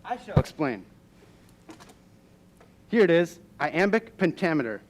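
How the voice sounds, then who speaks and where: A man's voice: a little high, very animated, a little slow. A young man playing a know-it-all male scholar who lectures and explains in a school stage play. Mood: lecturing.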